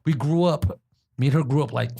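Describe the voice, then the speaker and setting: A man's voice: medium pitch, a little fast, gravelly, mellow. A young man from Washington, D.C., hosting a podcast, telling rambling stories in casual chat with many restarts. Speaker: podcast host.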